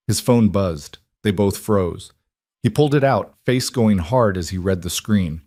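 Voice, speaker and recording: Male narrator, low voice, dry close read of a dark romance. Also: animated, measured pace, no room sound.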